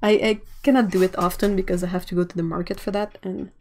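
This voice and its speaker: A woman's voice: lowish voice, fairly even intonation, fast talker, darkish tone. Chatty woman streamer from Canada. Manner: chatty, rambling, laughs often. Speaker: artist livestreamer. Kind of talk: casual chat while drawing on stream.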